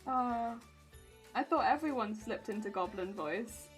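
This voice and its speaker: A woman's voice: a little high, animated, unhurried, soft background music. A woman streaming from home, chatting casually with viewers while crafting; she giggles often and answers chat playfully. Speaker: livestreamer.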